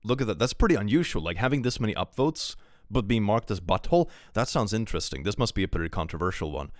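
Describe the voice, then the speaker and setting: A man's voice: fairly low pitch, animated, fast, no room sound, studio quality. A man casually commenting on a live stream, reading posts aloud and reacting with a chatty, rambling manner and frequent laughs.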